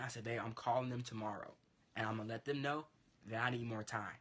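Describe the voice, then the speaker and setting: Animated man telling a story. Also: medium pitch, quick pace. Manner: animated, acts out quoted dialogue. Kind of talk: casual storytelling.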